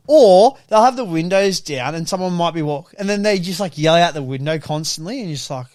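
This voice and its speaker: A man's voice: fairly high pitch, expressive, brisk, few pauses, dry recording, studio quality. A young man co-hosting a podcast, swearing freely and acting out the people in his car stories. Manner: sweary, acts out voices in anecdotes. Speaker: podcast co-host. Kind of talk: casual podcast banter.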